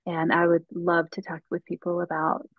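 A woman's voice: fairly low pitch, monotone, moderate pace, dry recording, phone-quality sound. A woman guest author telling a faith story in an earnest way on a casual podcast, with frequent ums and restarts.

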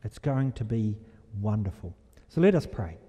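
A man preaching a sermon in a church, animated and storytelling, asking the congregation questions. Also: on the low side, normal speed. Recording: echoey hall reverb.

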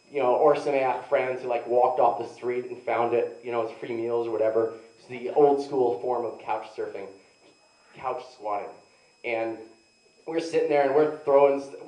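A man's voice: mid-range voice, warm tone, dull audio. A young man doing rambling, self-mocking stand-up storytelling, filled with "like" and asides to the audience. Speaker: stand-up comedian. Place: live comedy venue. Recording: echoey room, mic heard from a distance.

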